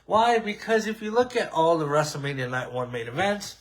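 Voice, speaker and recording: A man with a slightly high voice hosts a casual live wrestling talk show. He talks in an animated, ranting way, with plenty of sarcasm. He trips over restarts and fillers as he goes. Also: a little fast. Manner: frequent restarts and filler words. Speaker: podcast host.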